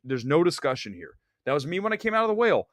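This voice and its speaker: A man's voice: a little high, fast talker, no room sound. Blunt ranting male film critic. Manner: blunt, animated, ranting with laughs. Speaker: podcast host and film critic. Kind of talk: opinionated casual movie talk. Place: Los Angeles studio.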